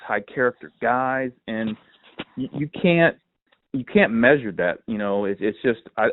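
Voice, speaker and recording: A man hosting a relaxed sports chat, spinning anecdotes with plenty of "um" and "you know". His voice sits at a middling pitch and comes through a thin, phone-like line with no room sound at all. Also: no room sound. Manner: animated storyteller, lots of fillers. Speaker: podcast host.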